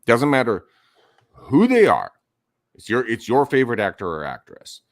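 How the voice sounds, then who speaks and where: A man with a medium-pitched voice that swoops wildly speaks at normal speed in a dry recording. Co-hosting a real estate podcast, he chats casually while coaching listeners emphatically, sometimes swearing.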